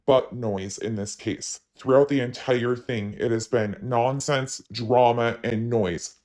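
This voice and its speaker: A man gives a commentary voice-over for his channel, recorded close and dry with no room sound. He speaks at a middle pitch and asks pointed, sharp questions. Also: steady tone, slow, no echo.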